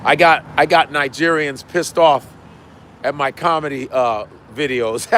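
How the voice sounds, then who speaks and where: Profane comedian chatting on a livestream. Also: male voice, on the high side, unhurried, a bit bright, a little hiss or hum. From United States. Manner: loose, profane, repeats lines for emphasis. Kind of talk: casual chat with viewers.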